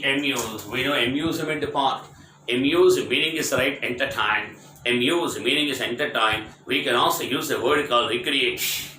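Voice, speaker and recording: A man teaching English vocabulary, spelling words out letter by letter, explaining each meaning and repeating it, asking if it is clear. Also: mid-range voice, moderate pace, bright, forceful tone. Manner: repetitive, explanatory. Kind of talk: vocabulary lesson. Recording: echoey room with faint ambient noise.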